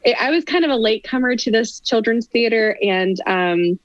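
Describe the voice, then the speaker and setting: Woman guest, lively storyteller, laughs often; dry, slightly dull remote audio. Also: on the high side, normal speed, dry recording. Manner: animated, chatty, frequent laughter. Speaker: guest performer. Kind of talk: casual interview storytelling.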